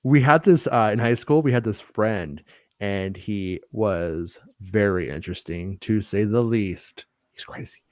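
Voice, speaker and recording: A man's voice: lowish voice, unhurried, dry recording, studio quality. A man hosting a casual live-streamed podcast, talking in a joking way with lots of stammered restarts. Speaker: podcast host.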